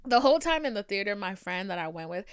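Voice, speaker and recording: A young woman with a light Boston accent talks in a chatty, profane and dramatic monologue as a podcast host. Her voice is smooth and clear, recorded dry and close with no room sound. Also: mid-range voice, big pitch swings, quick pace, dry recording. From Boston area, USA. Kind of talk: casual monologue.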